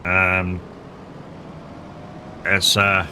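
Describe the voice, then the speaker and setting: Man, live game streamer, casual sweary chat, bright forceful tone, low-ish voice. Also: completely flat delivery, drawn-out words, a little hiss or hum. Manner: laid-back, swears freely, chats with viewers.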